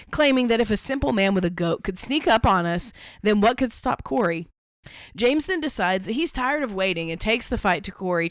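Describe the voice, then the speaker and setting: A woman's voice: mid-range voice, dry recording. A woman co-hosting a podcast, reading a fan story aloud and often breaking into laughter. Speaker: podcast co-host.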